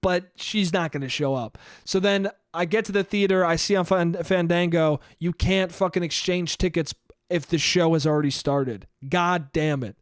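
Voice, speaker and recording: A young man hosting his own podcast, telling a personal story in an animated casual monologue full of swearing and acted-out thoughts. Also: on the high side, moderate pace, dry recording, clean studio sound. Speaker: podcast host.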